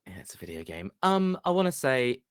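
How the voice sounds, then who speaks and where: A man's voice: mid-range voice, very animated, a little fast, clean tone, no room sound, clean studio sound. A man co-hosting a podcast, chatting casually and hesitantly searching for the right words. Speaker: podcast co-host. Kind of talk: casual chat.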